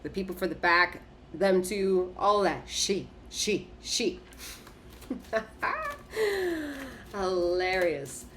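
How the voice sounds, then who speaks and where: A woman's voice: on the low side, slow, fairly bright tone, slight background noise. A woman giving a casual spoken tarot reading, talking emphatically and profanely, repeating short phrases for punch. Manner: emphatic, repetitive, profane, punctuated by laughter. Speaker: tarot reader.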